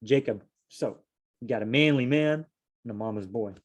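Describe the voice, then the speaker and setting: A man leading a casual Bible study, reading verses aloud and explaining them in a chatty, animated way. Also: mid-range voice, moderate pace.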